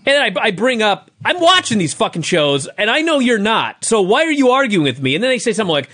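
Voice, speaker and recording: A man co-hosting a podcast rants heatedly and swears freely. His voice sits a bit high and swings up and down in pitch. He talks over a call from home. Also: sing-song, quick pace, bright, forceful tone. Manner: ranting, profane, heated. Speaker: podcast co-host. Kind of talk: casual profane wrestling review chat.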